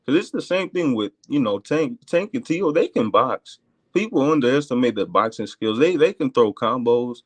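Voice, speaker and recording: A man calling in to chat about boxing, rambling and excitable with lots of fillers. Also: mid-range voice, moderate pace, dry recording. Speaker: caller. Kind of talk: casual phone-in chat.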